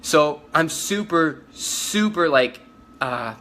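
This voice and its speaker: A man's voice: on the high side, expressive, takes it slowly, pushed and bright. A man giving first-person eyewitness testimony, telling it urgently and insistently, acting out the lines of the people he met. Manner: urgent, insistent storytelling with quoted dialogue and restarts. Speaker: eyewitness recounting an event.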